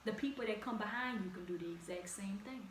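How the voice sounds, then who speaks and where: A woman's voice: mid-range voice, a little fast. Louisiana woman hosting her podcast, echoey. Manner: direct, encouraging, conversational with slang. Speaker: podcast host. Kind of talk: casual solo podcast talk. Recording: echoey room, distant mic, faint ambient noise.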